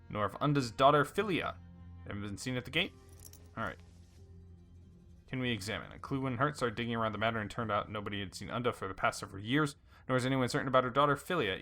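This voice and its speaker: A man's voice: mid-range voice, pushed and bright. A man hosting a let's play, casually reading game dialogue aloud with fillers and small slips.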